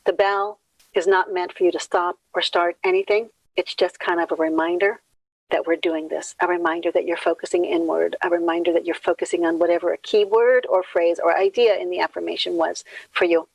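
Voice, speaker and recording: Woman minister, guided meditation; low, gravelly, close dry sound, gentle unhurried pacing. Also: steady tone, dry recording, poor audio. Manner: gentle, unhurried, counts breaths slowly.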